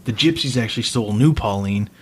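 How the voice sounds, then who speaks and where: A man's voice: lowish voice, quick pace, a little hiss or hum. A man co-hosting a podcast, reacting to a true-crime story with dry, sarcastic quips in casual banter. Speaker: podcast co-host.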